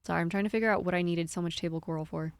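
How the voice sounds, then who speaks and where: A woman's voice: lowish voice, steady tone, very fast, smooth, no room sound. Giggly rambling woman streamer. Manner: rambling, giggly, talks to chat. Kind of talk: casual live-stream chatter while gaming.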